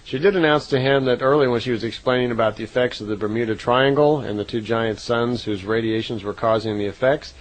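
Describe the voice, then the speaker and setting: A man talks through a long account in a relaxed, unscripted way. He pauses on fillers and corrects himself as he goes. His voice sits at an ordinary middle pitch for a man. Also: rough recording. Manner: unhurried, conversational, frequent "uh" fillers and self-corrections. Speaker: narrator recounting contact reports. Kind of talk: casual spoken retelling.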